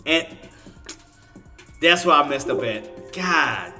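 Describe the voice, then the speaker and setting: A man's voice: on the high side, animated, takes it slowly, pushed and bright, soft background music. A man giving live commentary on his trading, exasperated, swearing and talking straight to his chat viewers. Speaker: day trader streaming to viewers.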